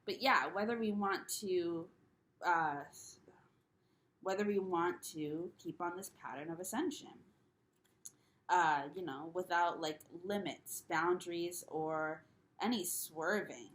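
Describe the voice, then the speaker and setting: A woman's voice: on the low side, takes it slowly, a bit bright. A young woman chatting on her own spiritual video channel, rambling loosely with restarts and little laughs, candid and self-mocking. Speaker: spiritual YouTuber. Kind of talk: casual solo vlog chat.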